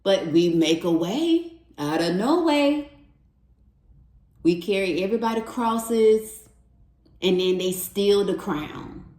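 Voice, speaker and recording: Woman tarot reader, unhurried, earnest, repeating affirmations, echoey room. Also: medium pitch, lively intonation, darkish tone. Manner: heartfelt, encouraging. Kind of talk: spoken tarot reading. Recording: roomy echo.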